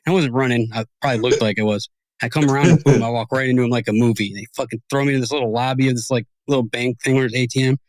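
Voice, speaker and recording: Young guy hosting a podcast, talks fast, swears a lot, rambly animated storytelling. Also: mid-range voice. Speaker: podcast host. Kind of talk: casual chat, storytelling.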